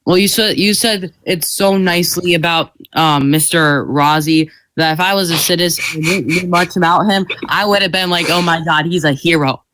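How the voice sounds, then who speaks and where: Higher-voiced man arguing as a senator. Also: bright, forceful tone, slight background noise, rough recording. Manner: argumentative, laughing, stumbling over words. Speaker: senator in a mock senate session. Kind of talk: role-played parliamentary debate.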